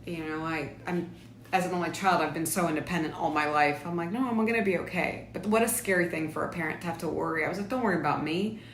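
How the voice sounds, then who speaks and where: A woman's voice: on the low side, quick pace. A young woman hosting a casual live stream from home, chatting and reading viewer comments aloud. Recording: echoey room with faint background noise.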